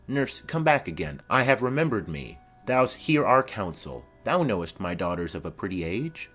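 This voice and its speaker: A man's voice: on the low side, sing-song, moderate pace, a bit bright, soft background music. A man voicing a formal, commanding noblewoman mother in a dramatic reading of a play.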